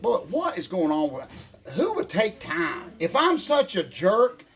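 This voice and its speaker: An older man, ranting in a folksy, animated way as co-host of a casual chat. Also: high voice, measured pace, breathy edge. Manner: folksy, animated rant with Southern phrasing.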